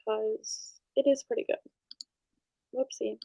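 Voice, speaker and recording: A bubbly woman chats casually as she hosts a group reading call, laughing often between remarks. Her voice sits a little high. The sound is dry and close, with no room echo. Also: steady tone, takes it slowly, vocal fry, dark tone. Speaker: host of an online group reading session. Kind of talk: casual chat.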